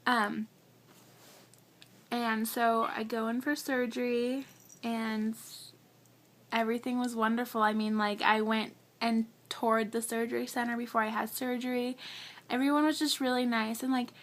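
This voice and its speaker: This young woman, a vlogger, recounts something personal at an unhurried pace, her slightly high voice delivered flatly. Earnest and chatty, she leans heavily on "like" and grows emotional, close to tears.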